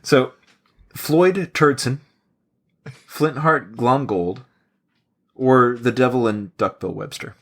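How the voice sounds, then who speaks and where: This casual podcast trivia host speaks slowly in a mid-range voice, leaving long pauses. He's jokey and laughs a lot, playing the part of an animated quizmaster.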